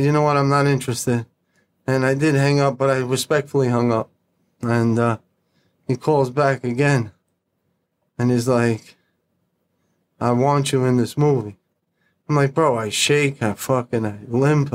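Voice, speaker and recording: Blunt, profane storytelling man. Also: mid-range voice. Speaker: podcast guest. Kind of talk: casual storytelling.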